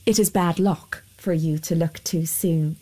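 A woman voicing a sly, smooth-talking soldier who wheedles and flatters. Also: low-pitched, measured pace. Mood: wheedling.

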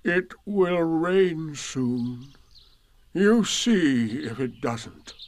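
A man's voice: a little high, very animated, pitched above the performer's own voice, full character voice. Man doing a glum old donkey for a storybook, dragging every word, rising and sinking sadly. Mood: mournful pomp. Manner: mournful, drawn-out, sarcastic. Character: gloomy old male donkey, slow and self-pitying. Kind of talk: storybook reading.

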